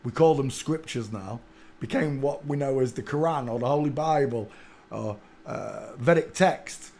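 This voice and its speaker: A man hosting a live stream, rambling through a monologue and now and then bursting into excited shouts. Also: mid-range voice, measured pace. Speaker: livestream host.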